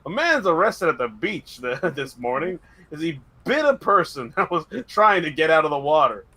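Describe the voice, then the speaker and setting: Bright, lively man telling jokey stories. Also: fairly high pitch, normal speed. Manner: animated storytelling, frequent laughter. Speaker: host. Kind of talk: casual comedic chat.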